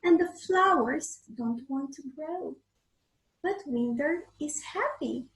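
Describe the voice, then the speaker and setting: A woman with a Romanian accent, an English teacher, reading a storybook aloud to children in a slow, clear way. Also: sits high, expressive. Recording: echoey room.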